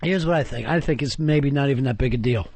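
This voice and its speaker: A man's voice: medium pitch, fast, darkish tone, a little hiss or hum. A man co-hosting a radio show, chatting bluntly and teasing with plenty of swearing. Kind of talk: casual radio banter. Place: radio studio.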